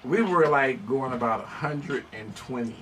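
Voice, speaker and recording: A man's voice: medium pitch, animated, normal speed, a bit bright, far from the mic, faint music behind. A man hosting a radio show, telling a funny story in casual chat and laughing often. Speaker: radio host.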